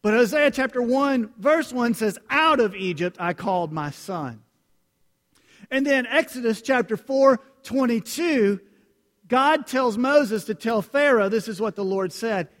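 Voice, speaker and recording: High-voiced preacher in a reverberant hall. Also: male voice, animated, slow. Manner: earnest, conversational, addresses congregation directly. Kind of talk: sermon with scripture reading.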